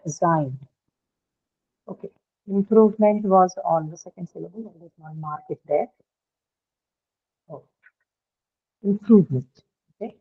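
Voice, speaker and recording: A woman teaching English pronunciation, explaining step by step and checking with her students as she goes. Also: medium pitch. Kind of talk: online pronunciation lesson. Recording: tinny phone-like line.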